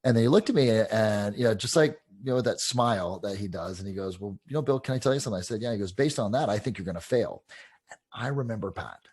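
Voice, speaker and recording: A man with a low, husky voice tells stories from his coaching career in a loose, animated way. He leans on fillers like "you know" and "like", and he acts out the other people in his stories. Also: quick pace. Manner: casual, animated anecdotes with many fillers. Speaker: real estate coach. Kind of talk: interview storytelling.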